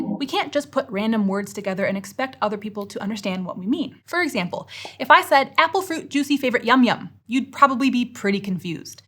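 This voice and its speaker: Young woman reading a lesson script, upbeat and playful, voice goes up and down a lot. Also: fairly high pitch. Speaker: educational host. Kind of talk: scripted educational narration.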